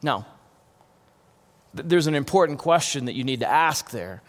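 A pastor with a fairly high voice and lively intonation preaches a sermon at normal speed in a church hall. He is earnest and often restarts and repeats words. Long hall reverb colors the recording.

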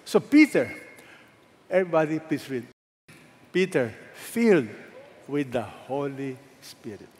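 A man's voice: on the high side, big pitch swings, normal speed. A man preaching a sermon as pastor, emphatic, asking the congregation questions and having them read along. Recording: echoey hall with long reverb.

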